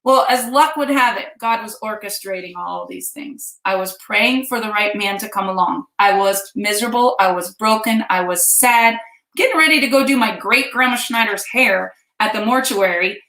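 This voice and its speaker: A woman's voice: medium pitch, normal speed, sharp tone. A woman in her fifties from Kansas, chatting animatedly as she tells her viewers a personal story. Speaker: vlog host. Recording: roomy echo.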